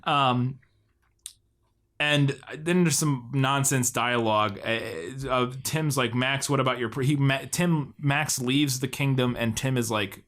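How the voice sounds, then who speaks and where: A man's voice: mid-range voice, measured pace, a bit bright. A man co-hosting a movie podcast, recapping the plot casually, laughing and acting out lines in silly voices. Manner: loose, laughing, acts out film dialogue in silly voices. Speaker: podcast co-host. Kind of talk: casual movie-review chat.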